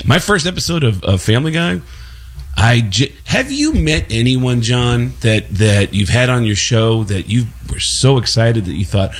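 A husky-voiced man tells stories as a talk show guest, his pitch swinging widely. He is animated and laughs through his own stories, and he has no regional accent. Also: normal speed. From Bronx, New York. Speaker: guest, voice actor.

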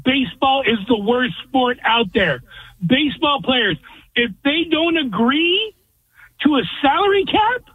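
High-pitched man ranting on a phone line. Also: animated, measured pace, breathy edge, dry recording. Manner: blunt, ranting. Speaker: caller. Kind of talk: call-in sports radio opinions.

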